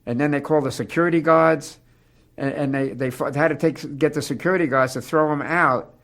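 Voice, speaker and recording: A man's voice: a little high, fairly even intonation, fairly quick, a bit bright. Man rambling through an old memory. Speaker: interviewee recalling a studio incident. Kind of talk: conversational recollection.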